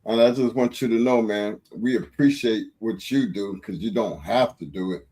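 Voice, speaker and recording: Mellow-voiced male host giving thanks. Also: on the low side, moderate pace. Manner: earnest, appreciative. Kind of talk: casual shout-out on a talk show.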